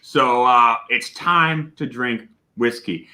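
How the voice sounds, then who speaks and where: A man hosting a casual whiskey tasting livestream, talking loudly, greeting viewers and laughing often. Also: medium pitch, slow pace. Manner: loud and animated, laughs often. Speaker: host of a whiskey tasting stream.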